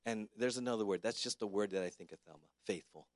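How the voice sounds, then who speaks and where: A man's voice: lowish voice, quick pace, dry recording, studio quality. A middle-aged man, a pastor, giving a personal, conversational eulogy at a memorial service. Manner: conversational, warmly personal, with filler words.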